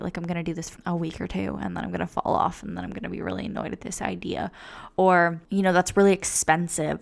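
A woman's voice: lowish voice, clear, resonant tone. A young woman vlogger talking casually and encouragingly to her viewers, with lots of "like" and "you know.". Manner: chatty and encouraging, says "like" and "you know" often. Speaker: lifestyle vlogger. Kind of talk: casual self-help talk to camera.

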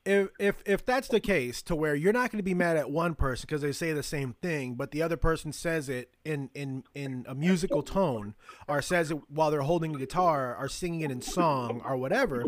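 A man's voice: on the high side, brisk, no echo. Blunt, profane man in dry podcast chat. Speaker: podcast co-host.

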